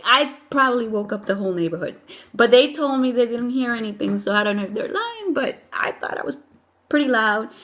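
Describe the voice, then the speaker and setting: A young woman casually telling a personal story, animated and gushing, with lots of "like" and "oh my God" fillers. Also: fairly high pitch. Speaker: new mother telling her birth story.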